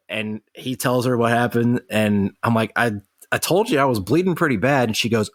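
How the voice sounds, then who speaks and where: An American man co-hosting a podcast, retelling an accident in a brisk, animated way, quoting what everyone said. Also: medium pitch, no room sound, studio quality. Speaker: podcast co-host. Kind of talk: casual storytelling chat.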